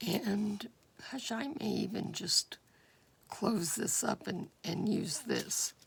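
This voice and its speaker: This crafter demonstrates a junk journal step by step in a relaxed way, her gruff, medium-pitched morning voice taking its time. She thinks aloud with fillers and now and then slips into a whisper as she works. Craft tools click against a clear background.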